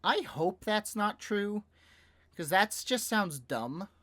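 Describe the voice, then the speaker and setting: A young man with a slightly high voice rambles through a casual podcast chat. He hesitates often with fillers and laughs easily as his thoughts wander. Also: lively intonation, slow, sharp tone. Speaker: podcast co-host. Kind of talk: casual chat about video games.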